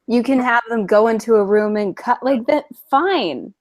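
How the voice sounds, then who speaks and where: A woman's voice: fairly high pitch, moderate pace, dry recording. A woman co-hosting a casual talk show, blunt and opinionated as she chats. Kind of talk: casual podcast chat.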